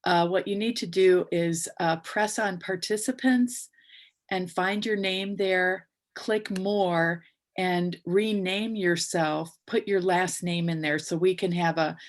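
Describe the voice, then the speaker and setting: A woman with a slightly low voice hosts a memorial on a video call. She speaks politely, with frequent fillers and small restarts. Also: fairly even intonation. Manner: polite, halting, with many fillers. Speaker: memorial host.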